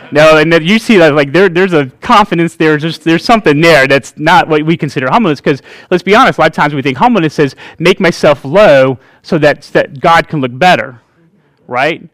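A man's voice: on the high side, fairly quick, fairly bright tone, dry recording, clean studio sound. A middle-aged man giving a conversational sermon to a church congregation, chatty, with laughing asides and frequent "right?" checks with the listeners. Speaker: pastor.

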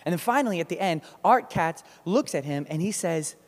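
Preacher, male, high voice, emphatic storyteller, long hall reverb. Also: expressive, a little fast. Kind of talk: sermon with storytelling.

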